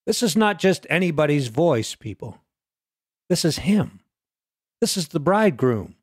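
A man preaching a sermon with slow, deliberate delivery and a lively, swooping pitch. His voice sits a little high and the sound is close and dry. He keeps asking his listeners questions and shifts from loud peaks to hushed low lines. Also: slightly rough, dry recording. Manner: dramatic swings between loud peaks and low quiet lines.

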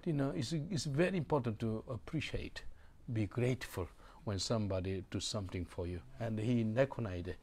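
A man's voice: on the low side, moderate pace, hardly any pauses, a little mellow. A man preaching a sermon in non-native English with broken grammar. He is emphatic, repeats his phrases and asks the congregation to answer back.

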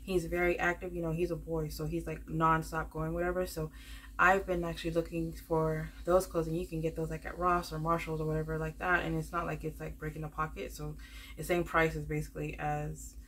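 Woman vlogger, low voice, loose rambling delivery full of fillers, chatting straight to her viewers. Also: flat delivery, brisk, fairly bright tone, a little hiss or hum. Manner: rambling, many fillers, calls viewers "y'all". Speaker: budgeting vlogger. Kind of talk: casual chatty vlog to viewers.

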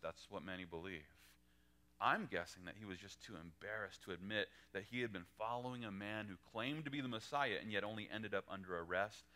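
Male pastor, bright forceful voice, animated sermon delivery, quoted lines acted out. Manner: animated, acts out quoted lines with pitch jumps. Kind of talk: verse-by-verse sermon.

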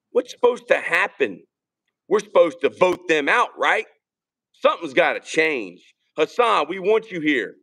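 Guy, high raspy voice, rambling and joking, shouting out viewers. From Richmond, Virginia. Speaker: podcast co-host. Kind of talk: casual live-stream chat.

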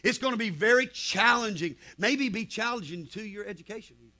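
A man's voice: high-pitched, expressive, brisk, bright, forceful tone. A man with a Southern US accent preaching a sermon as pastor, telling stories and punctuating with amens. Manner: preaching with frequent amens, storytelling.

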